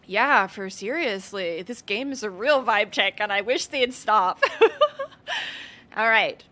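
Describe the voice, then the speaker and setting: A woman's voice: medium pitch, sing-song, slow pace, sharp tone. A woman streaming a game, chatting casually, giggling and greeting viewers in chat by name. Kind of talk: casual let's-play commentary.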